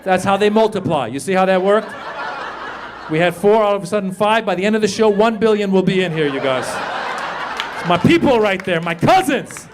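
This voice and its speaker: A man doing a stand-up comedy set, loudly working the crowd on a club stage. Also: high-pitched, brisk. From Iran. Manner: loud animated crowd work. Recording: live club with crowd noise. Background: audience laughter.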